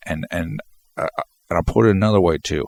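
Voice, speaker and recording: A man's voice: deep voice, brisk, gravelly, a little mellow. A congested man rambling through a solo basketball post-game commentary, often restarting his sentences. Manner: rambling, repeats words and restarts.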